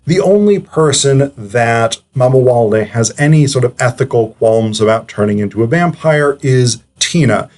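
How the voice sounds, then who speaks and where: A man's voice: medium pitch, expressive, normal speed, hardly any pauses, a little mellow. Chatty man reviewing a film. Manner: chatty, digressive, hesitant with filler words. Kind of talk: casual analytical commentary.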